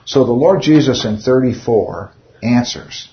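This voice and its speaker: A man's voice: medium pitch, a little slow, dull audio, slight background noise. A man leading an informal Bible study, speaking conversationally and often putting rhetorical questions to his listeners.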